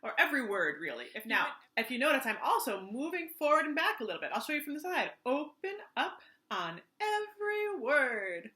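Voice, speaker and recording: A woman who is a teaching artist, giving a children's art lesson in an enthusiastic, gently instructive way. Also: high voice, very animated, fast talker, few pauses.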